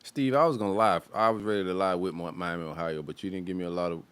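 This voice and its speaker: A man's voice: sits low, fairly even intonation, quick pace, a bit bright, smooth. A man hosting a sports podcast, talking in a laid-back, slangy way about football and nightlife. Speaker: podcast host. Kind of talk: casual sports chat.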